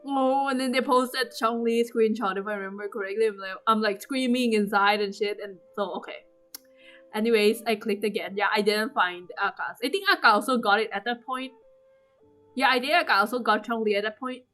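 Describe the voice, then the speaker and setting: A woman recapping her game pulls in casual commentary, excitable and swearing, acting out her own squeals. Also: on the high side, brisk, soft background music. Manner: trails off with fillers and restarts. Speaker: gaming vlogger. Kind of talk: casual gaming commentary over gameplay.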